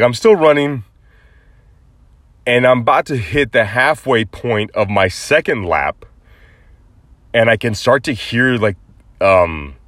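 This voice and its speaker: A man's voice: mid-range voice, fairly bright tone, no echo. A man hosting a podcast, telling a personal story casually, rambling with many fillers and restarts. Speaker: podcast host.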